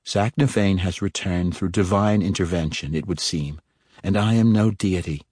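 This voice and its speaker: A cool, composed young dark elf woman, as a male narrator puts her on, speaking with calm poise. The voice stays low, with a dry, close audiobook sound. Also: moderate pace, husky, no room sound. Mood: poised.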